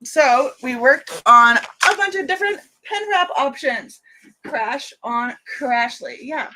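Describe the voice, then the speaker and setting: A woman's voice: high voice, expressive, slow, pushed and bright, a little hiss or hum, poor audio. A young woman hosting a casual craft livestream, chatty and giggly, jumping from topic to topic. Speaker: craft channel host.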